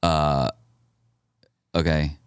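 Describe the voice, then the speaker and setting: A very low, smooth male voice in easygoing podcast chat, a pastor who jokes and affirms his co-host. The sound is dry, close and clean. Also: drawn-out words, dry recording. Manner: relaxed, jokey, affirming. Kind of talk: casual podcast conversation.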